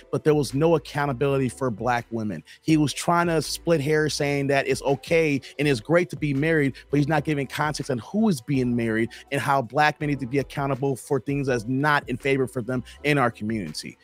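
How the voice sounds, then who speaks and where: A man of middle pitch talks straight to his viewers, summing up and asking for their opinions. He sounds earnest, with faint background music. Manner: earnest, asks the viewers questions. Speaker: YouTube commentary host. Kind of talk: direct-to-camera commentary.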